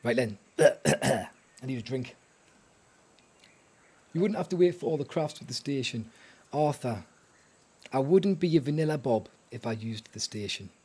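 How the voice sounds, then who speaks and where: A man's voice: mid-range voice, darkish tone, slightly rough. A man streaming a survival game live, chatting to himself and his viewers in a rambling, self-mocking way. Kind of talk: live gameplay chat.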